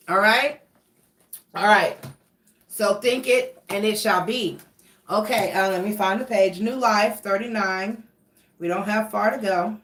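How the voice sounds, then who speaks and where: A woman's voice: mid-range voice, unhurried, long pauses, fairly bright tone, echoey room, distant mic. A woman giving a casual tarot reading, chatting freely and reading card meanings aloud, with restarts. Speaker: tarot reader.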